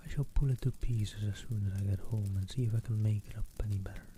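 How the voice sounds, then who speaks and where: A man reading aloud, softly voicing a giddy, boastful teenage girl. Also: on the low side, steady tone, fast talker, slight background noise, close to an everyday voice. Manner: soft, hushed reading voice.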